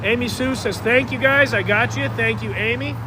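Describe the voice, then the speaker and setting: A man with a high, light voice hosts a live stream from a town square and talks straight to his viewers in an upbeat way. He is recorded on a phone outdoors, with clear street and traffic noise behind him. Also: moderate pace. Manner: upbeat, addresses viewers directly, hypes the stream. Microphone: phone camera. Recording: noisy outdoor street sound.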